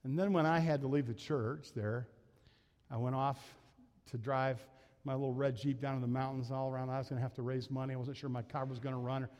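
A man's voice: medium pitch, flat delivery, a little fast, darkish tone. Male pastor telling stories in a reverberant church. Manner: conversational, self-deprecating, laughs often. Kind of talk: sermon storytelling. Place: church sanctuary.

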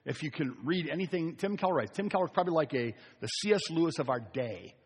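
Male pastor, casual preaching with repeated punchy phrases, a touch high-pitched. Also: lively intonation, quick pace, breathy edge. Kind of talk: sermon. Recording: long hall reverb.

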